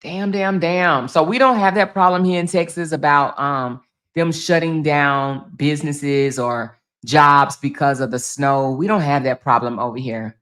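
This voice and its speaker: Woman, low voice, from chicago, livestream host, chatty, emphatic, swears a lot, talks to viewers at home. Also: measured pace, a bit bright. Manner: chatty, emphatic, swears freely, calls viewers baby and girl. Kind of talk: casual livestream commentary, reading chat comments. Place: home, indoors.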